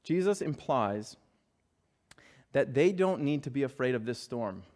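A man preaching a sermon, earnest and emphatic, dropping soft and low when reading scripture and rising to stress his points. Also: expressive, a little slow. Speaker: pastor.

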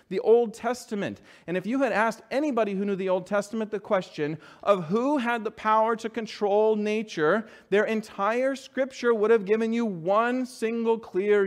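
A pastor preaches earnestly and emphatically, his voice rising to stress his points and dropping soft and low whenever he reads scripture.

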